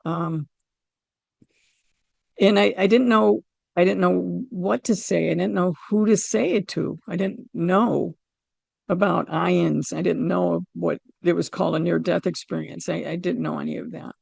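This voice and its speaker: A middle-aged woman from the United States, a podcast guest telling a personal story in an animated way and acting out her own quoted lines. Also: on the low side, a little slow, vocal fry, slightly rough, no room sound. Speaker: interview guest.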